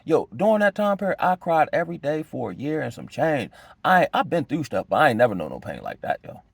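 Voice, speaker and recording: Animated man telling a hard story. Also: fairly quick, gravelly, breathy edge, dry recording. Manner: conversational, loose street slang, many restarts and "you know what I'm saying"; emotional, pitch jumps high when agitated. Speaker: storyteller giving a personal testimony. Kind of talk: casual spoken testimony.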